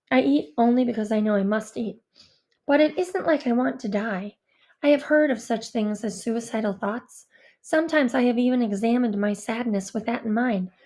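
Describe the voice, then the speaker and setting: A woman narrating a first-person audiobook in a quiet, measured, introspective way. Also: fairly high pitch.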